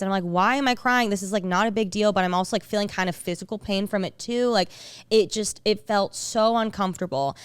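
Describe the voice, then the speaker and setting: A woman's voice: medium pitch, clean tone, no room sound. A young woman co-hosting a podcast in casual chat, rambling and restarting with lots of "like". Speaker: podcast co-host.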